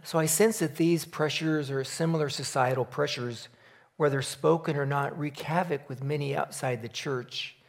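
A preacher gives a sermon in a relaxed, storytelling style, starting with a joke and then growing earnest and reflective. His voice sits on the high side, creaky, at a normal speed.

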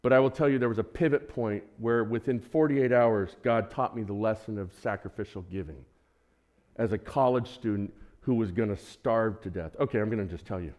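A man's voice: lowish voice, fairly quick. A man in his sixties preaching a sermon, telling a personal story and acting out his own prayers and conversations. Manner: animated, acts out his own prayers and dialogue.

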